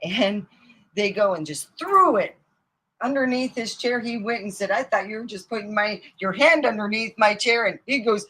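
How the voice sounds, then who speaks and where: A woman's voice: mid-range voice, animated, moderate pace, sharp tone, breathy edge, poor audio. A middle-aged woman telling rambling, profane comic stories from her own life and laughing at them as she goes. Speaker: comedian. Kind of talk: casual storytelling monologue.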